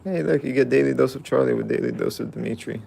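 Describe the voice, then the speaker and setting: A man's voice: medium pitch, fast talker, vocal fry, mellow, a little hiss or hum. A man casually vlogging outdoors, playfully chatting with and about a dog. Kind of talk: casual vlog chat.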